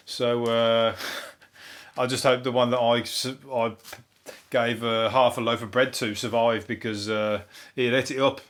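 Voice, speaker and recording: A man with a Brummie accent hosting a topical comedy podcast, rambling through the news in a dry deadpan way with plenty of swearing and filler words. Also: medium pitch, moderate pace. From England.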